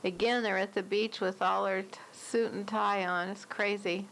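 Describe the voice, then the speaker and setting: A woman's voice: mid-range voice, little pitch movement, normal speed, gravelly, a bit bright, slight background noise, poor audio. An older woman casually narrating old family home movies, recalling details in a chatty way. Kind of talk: casual reminiscing.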